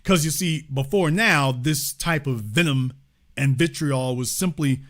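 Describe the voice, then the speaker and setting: Male host, bright forceful tone, emphatic, repeats himself, swings loud to quiet. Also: fairly high pitch, unhurried. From Louisiana. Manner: emphatic, repetitive, swings between loud and hushed. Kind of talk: impassioned political commentary.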